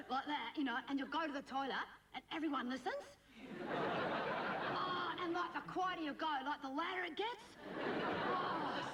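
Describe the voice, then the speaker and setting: Casting: a whiny, gossipy Aussie teen schoolgirl, high voice, distant and noisy TV sound. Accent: Australian. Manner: chatty, whiny, gossipy, full of "you know". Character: cheeky bratty teenage schoolgirl. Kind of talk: sketch comedy monologue.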